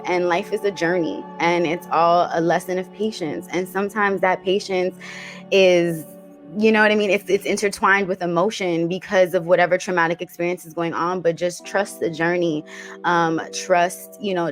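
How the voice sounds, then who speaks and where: Tearful woman host giving gentle affirmations. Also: on the low side. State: emotional, teary. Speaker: host interpreting dreams. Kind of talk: warm encouraging talk show chat.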